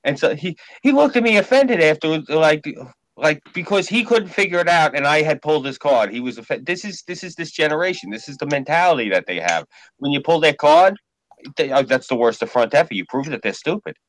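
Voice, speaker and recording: A man's voice: fairly high pitch, lively intonation, fairly quick, a bit bright, dry recording, rough recording. A man in casual podcast chat, telling stories in a blunt, profane way.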